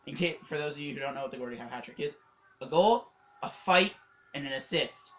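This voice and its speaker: A hockey vlogger from Canada giving a casual, excitable recap, rambling with lots of fillers and laughs. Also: medium pitch, fairly quick, a little hiss or hum, low-quality recording.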